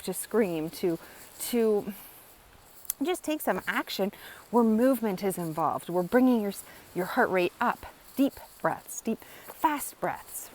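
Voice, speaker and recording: A woman's voice: mid-range voice, a little hiss or hum, low-quality recording. A woman educator explaining in a casual, earnest teaching monologue, often repeating phrases and checking in with "right?". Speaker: wellness educator.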